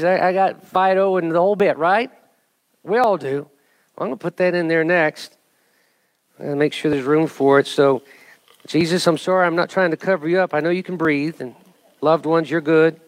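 Animated high-voiced male pastor preaching. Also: no room sound. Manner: animated, jokey, rising to emphatic exhortation. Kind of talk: sermon with object lesson.

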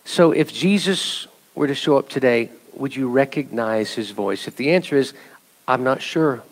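A man's voice: mid-range voice, moderate pace. A male pastor preaching an earnest sermon and leading his congregation in song.

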